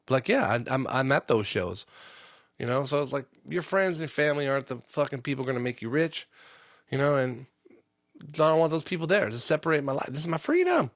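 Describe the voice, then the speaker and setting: A man's voice: mid-range voice, fairly quick, a bit bright, dry recording, studio quality. Profane, rambling man hosting a podcast. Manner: profane, lots of fillers. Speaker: podcast host and union tradesman. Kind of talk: casual rambling monologue.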